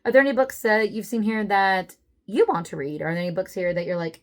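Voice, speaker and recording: A woman's voice: mid-range voice, fairly quick. A woman book vlogger chatting casually to camera, self-deprecating, with many fillers.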